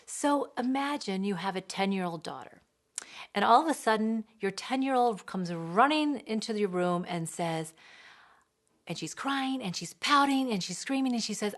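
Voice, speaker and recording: A woman parenting educator who explains clearly and gives examples from family life. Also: medium pitch, animated, moderate pace. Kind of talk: explanatory teaching talk.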